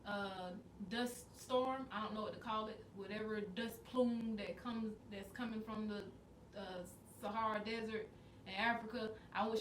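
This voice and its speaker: Woman, podcast co-host, relaxed rambling talk, distant roomy mic. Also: on the high side, normal speed, slight background noise. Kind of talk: casual podcast chat.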